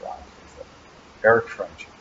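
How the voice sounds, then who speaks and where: A man's voice: slow pace, dull audio, noisy background. A man hosting a casual live Q&A from an animal hospital waiting room, teasing and rambling about his helper. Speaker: channel host.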